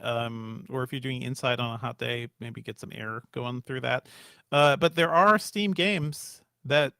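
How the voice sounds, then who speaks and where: A man co-hosting a podcast in casual chat, explaining things in a relaxed way with fillers. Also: mid-range voice, gravelly, no room sound, studio quality. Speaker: podcast co-host.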